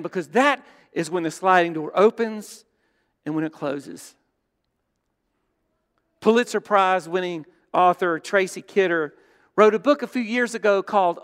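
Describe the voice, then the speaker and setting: A man preaching a sermon as pastor, telling stories and dropping from loud to hushed. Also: sits high. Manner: storytelling, shifts between loud and hushed. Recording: long hall reverb.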